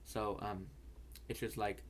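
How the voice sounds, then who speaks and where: A man's voice: lowish voice, flat delivery, takes it slowly. A young man hosting a fantasy football video, telling a story in a rambling way, stammering and repeating words and swearing casually.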